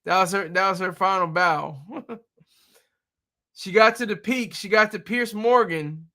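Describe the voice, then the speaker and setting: A man's voice: high-pitched, unhurried. A man hosting a casual livestream, riffing and joking with lots of laughter. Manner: laughs often, animated, jokey riffing. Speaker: livestream host.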